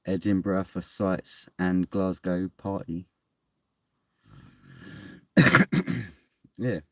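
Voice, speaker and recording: A man's voice: low-pitched, very slow, dry recording, studio quality. Rambling man chatting on stream. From England. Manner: rambling, laughs often, swears casually. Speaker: streamer reading chat. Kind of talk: casual live-stream chat. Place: at home indoors.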